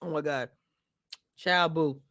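A woman's voice: low voice, fairly even intonation, takes it slowly, fairly bright tone, no echo, studio quality. A woman hosting a casual live stream, chatting straight to her viewers and laughing often as she talks. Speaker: live-stream show reviewer.

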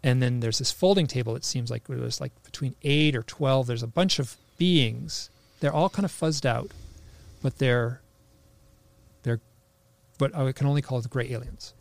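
A man recounts a personal experience in a casual, rambling way, leaning on "like" and restarting his sentences. His voice has a gravelly, fry-edged texture at an ordinary pitch. The recording is dry and close, with no room sound. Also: moderate pace, no room sound. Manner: rambling, full of "like" fillers and restarts. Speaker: interview guest.

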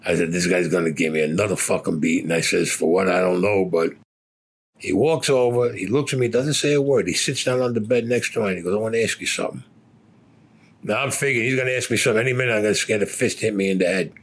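A man's voice: on the low side, fast talker. An older man from Brooklyn, bluntly telling profane stories about his past and acting out the dialogue. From Brooklyn, New York. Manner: blunt, swears constantly, acts out quoted dialogue. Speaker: interviewee. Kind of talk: profane personal storytelling.

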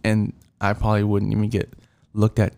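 Guy venting about work, gravelly dark voice, rambly and annoyed. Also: fairly low pitch, monotone, normal speed. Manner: rambling, frustrated, lots of fillers and restarts. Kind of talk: casual rambling rant.

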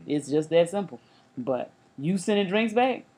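A woman's voice: lowish voice, lively intonation, moderate pace, darkish tone, husky. A woman co-hosting a casual podcast, opinionated and matter-of-fact. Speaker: podcast co-host.

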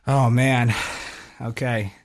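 A man's voice: medium pitch, steady tone, slow. Laid-back young man hosting a podcast. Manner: laid-back, slangy, swears casually. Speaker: podcast host. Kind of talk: casual chat.

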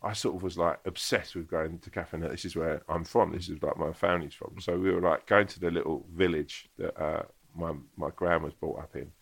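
A man's voice: low-pitched, a little fast, vocal fry, few pauses, breathy edge. A man, an actor and comedian, telling a casual anecdote with lots of swearing. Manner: animated storyteller, swears a lot.

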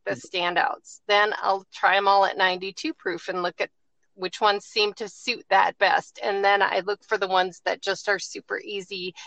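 A woman guest on a podcast, explaining how she picks whiskey barrels in an easygoing, filler-heavy way. Her voice is bright and forward. The recording is dry and close, with almost no room sound. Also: mid-range voice, no echo. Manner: relaxed, explanatory, with many fillers. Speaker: distiller, guest. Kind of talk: conversational interview answers.

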